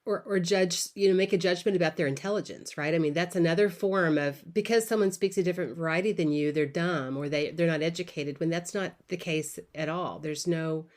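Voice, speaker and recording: A woman's voice: on the low side, brisk, hardly any pauses, a little mellow. A woman academic on a podcast, explaining a point earnestly. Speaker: TESOL professor guest. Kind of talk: podcast conversation.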